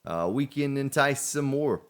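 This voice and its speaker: A man's voice: mid-range voice, animated, measured pace. A man hosting a gaming let's play, chatting casually and rambling to himself as he plays. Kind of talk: casual gameplay commentary.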